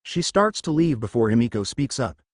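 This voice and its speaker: A man's voice: medium pitch, very animated, moderate pace, no echo, studio quality. A man narrating a first-person fan fiction story and reading every character's lines in his own voice. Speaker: fanfiction narrator.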